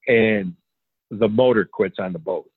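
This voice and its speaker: A man telling a story in a casual, animated way, acting out the dialogue and chuckling as he goes. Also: fairly low pitch, measured pace, breathy edge, no room sound. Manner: animated, acts out quoted dialogue, chuckles often. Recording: tinny phone line, dry.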